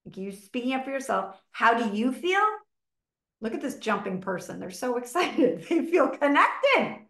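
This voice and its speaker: A middle-aged woman teaches a relationship masterclass in a chatty, unscripted way, full of fillers and quick acted-out exchanges. Her voice sits slightly high, and the room around her rings with noticeable echo. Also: big pitch swings, a bit bright. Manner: chatty, filler-heavy, acts out little dialogues. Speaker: relationship coach presenting a masterclass. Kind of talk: informal teaching talk. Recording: echoey room.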